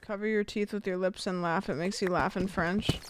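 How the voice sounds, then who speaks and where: A young woman streamer chats through a game in a goofy, joking way, full of rambling asides. Her pitch sits in the middle range for a woman. A constant layer of noise runs under the stream audio. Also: fairly even intonation, moderate pace. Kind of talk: casual gameplay chat.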